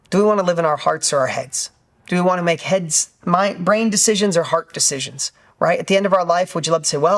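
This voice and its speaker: A man's voice: sits high, fairly bright tone. A man in his fifties giving a motivational talk as a business coach, emphatic and repetitive, acting out quotes as he goes. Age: 50s.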